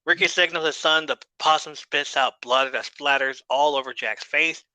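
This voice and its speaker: Male podcast host, laid-back recap style, bright sharp tone, dry close sound. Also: fairly high pitch, normal speed, clean tone, no echo, rough recording. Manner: laid-back, swears casually, laughs often. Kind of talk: casual episode recap.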